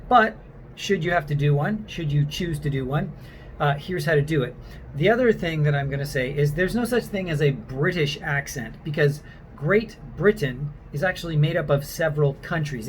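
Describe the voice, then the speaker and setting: A self-assured man coaching actors in a casual, chatty lesson, his voice sitting a little high. He talks straight to camera with plenty of "uh"s. A faint hiss runs underneath. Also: low-quality recording. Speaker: acting coach.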